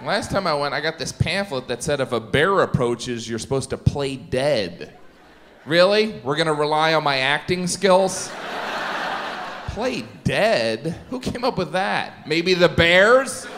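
Middle-aged male stand-up comic, animated and slightly high voice, live club recording with clear audience noise. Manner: quick shifts into silly character voices. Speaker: stand-up comedian. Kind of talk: stand-up comedy. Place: stage before a laughing audience.

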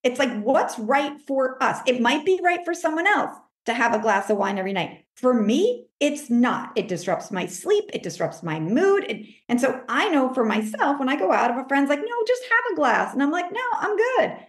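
A woman life coach talking in a casual interview, animated, acting out her own self-talk in a higher voice. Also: normal speed, few pauses, reverberant. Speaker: life coach, podcast guest.

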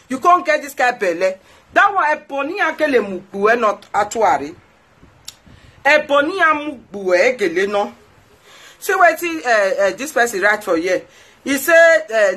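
A woman's voice: a little high, sing-song, moderate pace, a bit bright. A woman with a Nigerian Pidgin accent, hosting her own show and scolding someone in an indignant rant, repeating phrases for emphasis. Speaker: host. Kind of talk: ranting monologue to followers.

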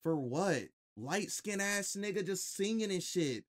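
A man's voice: sits high, animated, measured pace. A man streaming a reaction to a video, talking bluntly and mockingly with lots of profanity. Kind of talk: casual reaction commentary.

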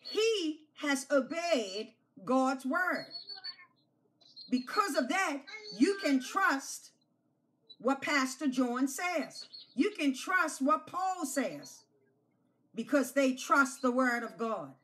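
High-voiced woman pastor teaching children. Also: very animated, fairly bright tone, a little hiss or hum. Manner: slow, emphatic, repeats key phrases; coaxes children to repeat after her. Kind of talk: children's object lesson.

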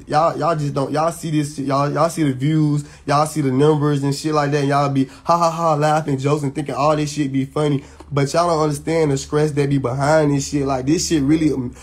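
A man's voice: fairly high pitch, husky. A man, venting heatedly and emphatically to his viewers, swearing and restarting often. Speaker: social media personality. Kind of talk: venting straight to camera.

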